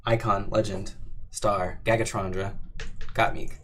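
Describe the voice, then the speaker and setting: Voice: low voice, little pitch movement, a little slow, a little hiss or hum. A young adult livestream host in casual Q&A chat, reading questions and answering in a playful, jokey, teasing way with frequent laughs.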